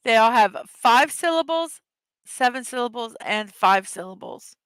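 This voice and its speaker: Slow-talking bright-voiced woman host. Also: a little high, lively intonation, smooth, dry recording. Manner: upbeat, chatty, greets viewers by name; reads words slowly one at a time. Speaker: host of a daily morning show. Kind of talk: casual livestream chat, reading puzzle words and memes aloud.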